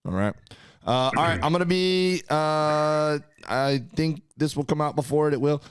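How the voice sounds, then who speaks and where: A comedian co-hosting a casual podcast, teasing his co-host with deadpan jokes. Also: on the high side, normal speed, clear, resonant tone, no echo, studio quality.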